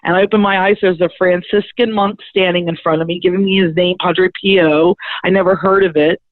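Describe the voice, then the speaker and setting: A middle-aged woman, a spiritual medium and guest, telling her story in a lively, chatty way and acting out the conversations in it. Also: fairly low pitch, brisk, no echo. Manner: lively, chatty, acts out the dialogue in her stories. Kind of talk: animated personal storytelling. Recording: thin phone-like dry sound.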